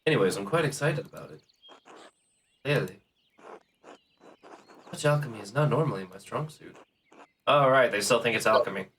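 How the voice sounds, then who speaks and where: A man's voice: medium pitch, animated, normal speed, long pauses, a bit bright, slight background noise. A man streaming a video game, chatting casually and reading characters' lines aloud in his own voice.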